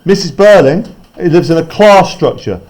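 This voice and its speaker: A man's voice: on the high side, expressive, moderate pace, a little mellow. A man teaching a class, explaining a play text in a chatty way and often checking in with "right?".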